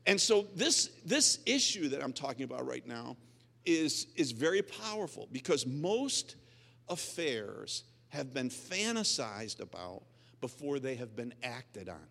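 A man's voice: mid-range voice, a bit bright. A male pastor preaching in a conversational way, asking his audience questions and acting out stories. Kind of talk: sermon. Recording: long reverb of a large hall.

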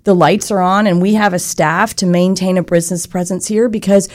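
A woman's voice: on the low side, fairly even intonation, brisk, a little mellow. A woman leading a chamber of commerce, speaking earnestly and articulately in an interview conversation. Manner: earnest, articulate, explains with examples.

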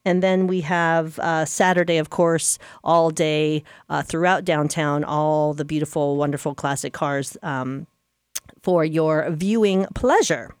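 Lady radio host, lowish voice, dry close sound, chatty and fixes her own slips. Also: fairly even intonation, a little slow, clear, resonant tone, dry recording. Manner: chatty, self-correcting, laughs easily. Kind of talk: casual radio chat.

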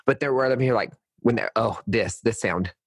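A man with a husky, slightly breathy voice, recorded close and dry with no room sound. He rants about pet peeves in a sassy, profane way, leaping up in pitch on the punchlines. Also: a little fast, no echo. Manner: sassy, profane, animated storytelling with pitch jumps. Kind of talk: casual chat.

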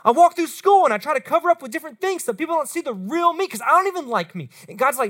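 A woman's voice: high-pitched, quick pace, few pauses. A woman, preaching as a youth pastor to middle school students and speaking straight to them. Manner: animated, talks straight to the students.

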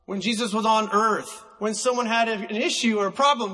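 A man preaching a sermon, emphatic and slowing down to stress single words, recorded in a church hall. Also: high-pitched, steady tone, sharp tone.

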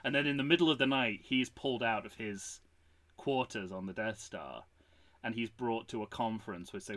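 A man co-hosting a casual podcast, telling a story pitch with animated energy and acting out the lines. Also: moderate pace. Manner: animated storyteller, acts out quotes. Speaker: podcast co-host.

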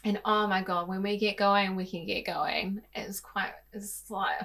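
A woman in candid, easygoing conversation, talking about her own life in a mid-range voice. She drops into quieter reflection, then breaks into sudden, louder lines as she acts out her own thoughts. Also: medium pitch, steady tone, a little slow, gravelly. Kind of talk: casual heartfelt chat.

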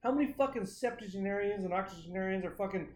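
A man's voice: high-pitched, fast, slight background noise. A man co-hosting a podcast, sarcastic and swearing heavily, often restarting his sentences. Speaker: podcast co-host. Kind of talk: casual profane banter. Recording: roomy echo.

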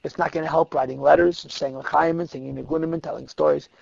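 A man quoting a quiet, earnest spiritual leader. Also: steady tone, fast, gravelly. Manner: quiet, low, earnest exhortation. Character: calm, earnest male spiritual leader exhorting followers. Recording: dull lo-fi dry recording.

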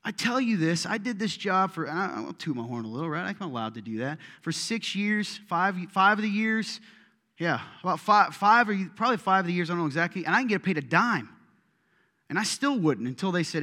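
A middle-aged male pastor with a fairly high voice, giving a sermon. His talk is loose and joking, and it swells into emphatic preaching. A long reverb trails off the walls of the church hall. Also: sing-song, fairly quick, pushed and bright. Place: church sanctuary.

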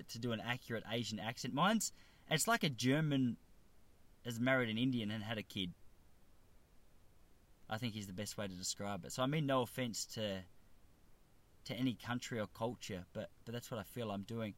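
A man's voice: mid-range voice, fairly bright tone. An Australian man in his thirties telling a rambling, self-deprecating comedic story as a podcast host. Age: 30s. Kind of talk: comedic monologue.

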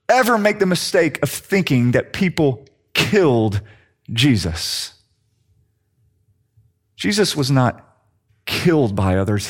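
A man with a high voice preaching a sermon. He delivers it dramatically, slowing down and sinking low to press his points home. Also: fairly bright tone. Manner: dramatic, slows down and drops low for emphasis.

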